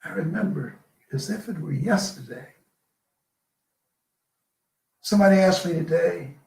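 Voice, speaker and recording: An older man giving a live motivational talk, telling personal stories with dramatic pauses. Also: high-pitched, gravelly, darkish tone, reverberant. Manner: storytelling, slow with dramatic pauses. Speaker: motivational speaker.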